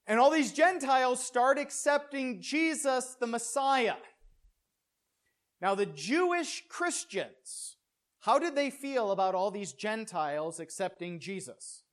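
A preacher giving a conversational sermon who keeps asking the listeners "right?" and restarts phrases to press a point. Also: mid-range voice. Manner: keeps checking in with "right?" and rhetorical questions; pace and loudness rise and fall for emphasis.

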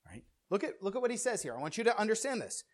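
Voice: medium pitch, sing-song, rapid-fire. Preacher doing a chatty teaching sermon, lots of "right?", repeats words when pushing a point. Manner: keeps checking in with "right?" and rhetorical questions; pace and loudness rise and fall for emphasis.

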